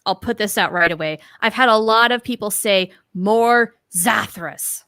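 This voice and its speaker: Bright-voiced chatty woman co-host. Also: mid-range voice, brisk, clear, resonant tone, no room sound, studio quality. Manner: chatty, laughs often. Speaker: podcast co-host. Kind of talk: casual chat. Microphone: pop filter.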